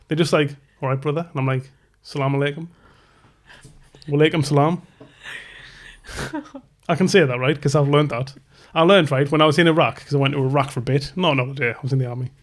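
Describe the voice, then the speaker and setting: A man's voice: fairly high pitch, brisk. Joking, crude man. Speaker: podcast co-host. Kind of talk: casual chat.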